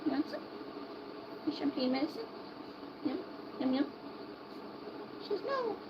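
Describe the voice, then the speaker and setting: A woman with a high, bright-pitched voice talks her way through giving a bird its medicine, slipping into soft, sing-song baby talk to coax the animal. Steady noise hums behind her in the recording. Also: a little slow, lo-fi sound. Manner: cooing baby talk to a pet, soft and coaxing. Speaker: animal caretaker and channel host. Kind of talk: casual narration while caring for an animal. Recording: noisy background.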